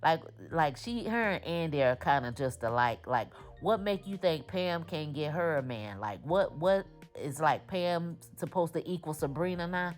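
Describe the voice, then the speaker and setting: A woman's voice: low-pitched, expressive, moderate pace, soft background music. A woman hosting a casual TV episode recap, chatty and opinionated, talking straight to her viewers. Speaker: TV recap host.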